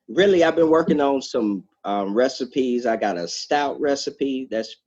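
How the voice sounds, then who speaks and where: A man, a farmer and activist, chatting casually on a podcast, easygoing and quick to laugh. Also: mid-range voice, darkish tone. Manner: easygoing, laughs often, stumbles and repeats words. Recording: dull lo-fi sound.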